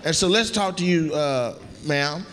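Unhurried and pitched on the high side, a male comic teases his audience in a brash, profane crowd-work routine. He's on a comedy club stage before a laughing audience, and the live club audio is thick with loud laughter.

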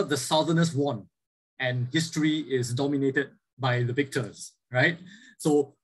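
A man's voice: a little high, slightly rough, poor audio. A man lecturing a class, explaining points and often checking in with "right?" as he goes. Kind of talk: classroom lecture with student questions.

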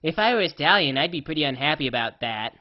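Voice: medium pitch, expressive, quick pace, natural voice. A performer voicing a scatterbrained, cheerfully oblivious female pony who tells her story in the first person, rambling and offhand, full of "uh" and "like", on a slightly dull lo-fi recording.

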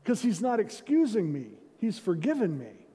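His husky, mellow voice sits high and swings hugely in pitch while keeping a normal speed. The senior pastor preaches conversationally, cracking jokes about himself, and the church hall adds heavy reverb.

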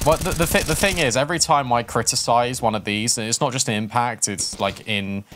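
A man, commentating an esports match with quick analysis and some self-deprecating asides. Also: mid-range voice, noisy background. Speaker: esports caster. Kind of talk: play-by-play commentary.

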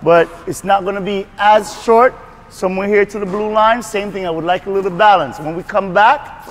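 A man coaching a tennis class on court, giving brisk repeated cues and frequent praise. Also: sits high. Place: tennis court at a racquet club.

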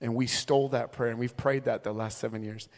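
The voice is mid-range and steady, moving a little quickly. He's a thirty-something traveling evangelist from Minnesota delivering a sermon through humorous, conversational storytelling, and the spacious church sanctuary adds a long, echoing reverb.

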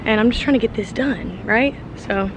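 A young woman vlogging casually on her phone, excitable, rushed and chatty, first in a car and then in a small bathroom. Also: a little high, heavy background noise. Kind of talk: casual vlog to camera. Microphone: phone held at arm's length.

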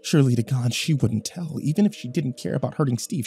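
Husky man reading horror stories. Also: medium pitch, fast, mellow, faint music behind. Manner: tense, dramatic first-person reading. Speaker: horror storyteller. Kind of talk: scripted horror narration.

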